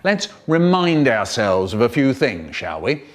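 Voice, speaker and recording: A man telling a comic story in an animated, mock-dramatic way. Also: medium pitch, unhurried, background noise. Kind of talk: comic storytelling, spliced into a remix.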